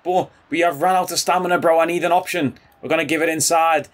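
Excitable gaming commentator, male. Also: on the high side, fast talker. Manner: excitable, calls viewers bro and boys. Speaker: gaming YouTuber. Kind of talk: casual gameplay commentary.

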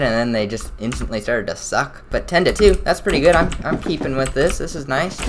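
A young man casually commenting on his own shooter gameplay, excitable and quick to burst out loud. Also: medium pitch, slight background noise. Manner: excitable, swings to loud outbursts. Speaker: gaming channel host.

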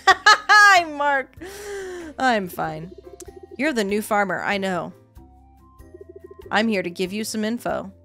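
Woman as a deadpan village guy giving directions, high voice. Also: slow, long pauses, faint music behind, heavily acted. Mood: matter-of-fact.

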